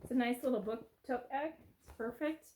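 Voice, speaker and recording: A woman's voice: fairly high pitch, moderate pace, darkish tone, slight background noise. A middle-aged woman from the United States, chatting casually and rambling a little as she unboxes gifts on her home vlog. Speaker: vlogger. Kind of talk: casual chat.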